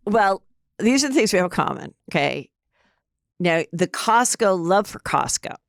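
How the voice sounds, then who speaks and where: A woman's voice: mid-range voice, moderate pace, no echo, studio quality. Chatty woman podcast host. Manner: chatty, animated storyteller quoting dialogue. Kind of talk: casual podcast chat.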